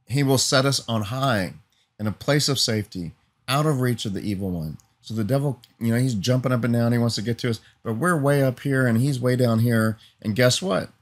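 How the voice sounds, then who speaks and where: A man's voice: medium pitch, a little fast. A man preaching an earnest teaching sermon, building emphatic lists and often asking "Amen?" for assent.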